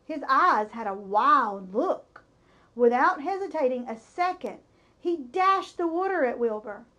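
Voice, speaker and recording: A woman reading a children's chapter book aloud in a high, bright voice. She takes her time, letting each sentence land with expressive, unhurried storytelling. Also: lo-fi sound. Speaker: storybook reader.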